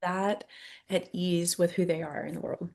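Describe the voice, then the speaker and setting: A woman co-hosting a podcast, speaking earnestly and sometimes dropping her voice very low. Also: measured pace, vocal fry. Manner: earnest, animated, drops to near whisper. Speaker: podcast co-host. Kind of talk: casual conversation.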